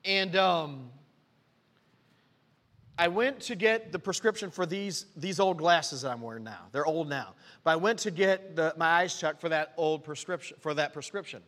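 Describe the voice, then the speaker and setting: A man preaches a sermon as a pastor, telling his own story and acting out the conversations in it. His voice sits high and rings bright and forceful. A long reverb from the church hall trails after every phrase. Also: normal speed. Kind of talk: sermon with personal testimony.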